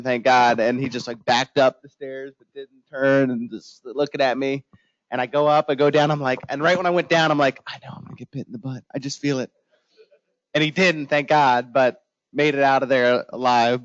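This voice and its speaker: Lively man telling inspection stories. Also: fairly high pitch, no room sound. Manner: animated storytelling, acts out his own panicked reactions. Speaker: guest home inspector. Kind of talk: informal training talk with anecdotes. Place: office training room. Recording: dull lo-fi room recording.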